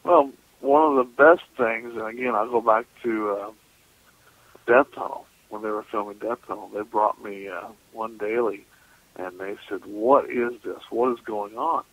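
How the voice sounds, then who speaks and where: A man's voice: fairly low pitch, steady tone, moderate pace, fairly bright tone, dry recording. A man, a paranormal investigator, telling stories as a guest in a casual radio interview. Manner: casual, laughing, folksy storyteller. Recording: muffled radio call audio.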